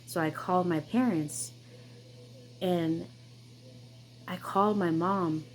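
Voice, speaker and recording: A woman's voice: fairly low pitch, slow, slight background noise, low-quality recording. A woman hosting her own channel, telling a personal story in an emphatic, insistent way, with many repeats and restarts. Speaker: vlogger, channel host.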